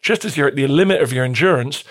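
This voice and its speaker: A man with a British accent, a guest telling history stories in a vivid, animated way. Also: mid-range voice. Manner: vivid, animated storytelling with quick restarts. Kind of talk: casual history discussion.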